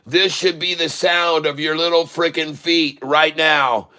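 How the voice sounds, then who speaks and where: A middle-aged man hosting a live day-trading stream, folksy and excitable, thanking viewers and calling out moves to his "folks.". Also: on the high side, unhurried, smooth. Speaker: day-trading livestream host.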